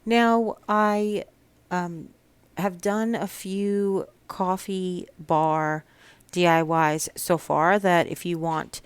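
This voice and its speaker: A woman's voice: fairly low pitch, clean tone, no room sound. A woman with a Long Island accent, talking casually through a home DIY project in her kitchen, chatty with frequent ums and restarts. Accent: Long Island New York. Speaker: DIY vlogger. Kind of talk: casual crafting vlog.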